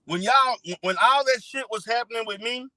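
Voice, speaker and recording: A man's voice: very high voice, moderate pace, pushed and bright, no echo, low-quality recording. A man streaming a scornful, profane rant about another streamer. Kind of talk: ranting commentary.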